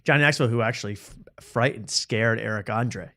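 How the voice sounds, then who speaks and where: A man hosting a comedy talk show, riffing in a sarcastic, fast-moving way. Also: fairly low pitch, fairly bright tone.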